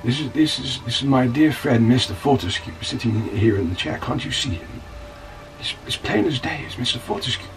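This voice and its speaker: A man puts on a paranoid British oddball who confides in an empty chair, his voice a slow, breathy whisper. He sounds set back from the mic. Faint music plays underneath. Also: medium pitch, animated, recorded from a distance, lightly acted. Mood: hushed.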